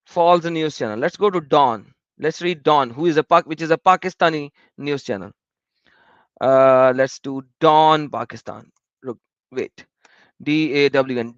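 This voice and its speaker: A man's voice: high voice, a bit bright, dry recording. Guy ranting on his vlog, keeps repeating himself, dull muffled audio, dry. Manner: emphatic, repetitive, indignant. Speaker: vlogger. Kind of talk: commentary while reading search results.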